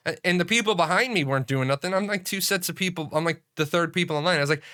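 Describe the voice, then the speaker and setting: Bright-voiced man telling a profane story. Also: sits high, brisk. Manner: profane, animated storytelling with restarts. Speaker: streamer. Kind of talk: casual storytelling on a livestream.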